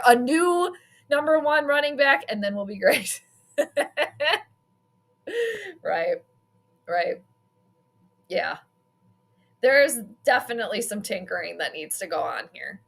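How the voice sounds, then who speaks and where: A woman's voice: high voice, bright, forceful tone. A young woman giving casual live-stream commentary on a game as a frustrated fan, blunt and swearing freely.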